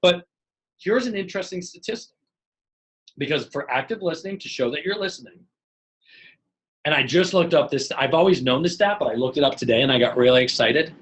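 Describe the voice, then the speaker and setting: Energetic man teaching a webinar. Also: on the high side, fairly quick, pauses often, low-quality recording. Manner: energetic, animated, acts out dialogue. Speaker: leadership trainer.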